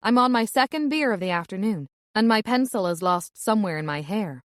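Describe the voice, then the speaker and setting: A woman's voice: mid-range voice, lively intonation, brisk, no room sound, clean studio sound. Wry woman narrating an audiobook. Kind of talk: first-person audiobook narration.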